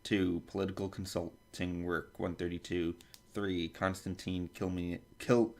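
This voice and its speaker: A man's voice: deep voice, flat delivery, unhurried, a little mellow. A man hosting a podcast, reading a long table of contents aloud, stumbling over foreign names and making asides. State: dry throat, coughing. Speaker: podcast host.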